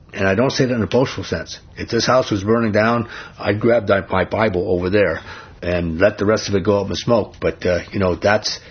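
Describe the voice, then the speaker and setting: A man's voice: fairly low pitch, breathy edge, highs cut off. A man preaching an informal sermon in a conversational way, asking his listeners questions. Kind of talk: informal sermon, Bible study.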